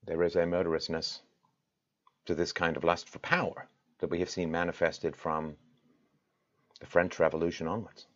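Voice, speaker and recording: A man hosting his own show, speaking straight to his audience with impassioned, rhetorical delivery that swings from loud peaks to quiet intensity. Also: sits low, level tone, moderate pace, long pauses, highs cut off. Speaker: show host. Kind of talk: direct-to-camera address.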